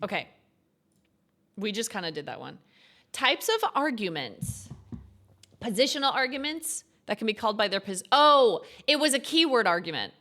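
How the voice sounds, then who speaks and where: A woman's voice: on the high side, big pitch swings, normal speed, fairly bright tone. Woman thinking aloud while coding. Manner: thinking aloud, reading code and lesson text half to herself. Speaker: streamer. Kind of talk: casual coding stream commentary.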